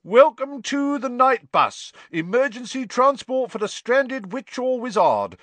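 A brash young bus conductor, loud and cheeky, his voice pitched high above the narrator's and swinging up and down. He sounds close and dry, with no room around him. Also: sing-song, moderate pace, no echo, full character voice. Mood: showy announcing.

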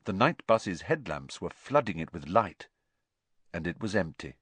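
Expressive male audiobook narrator. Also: low-pitched, a little slow, husky, no echo. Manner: expressive storytelling.

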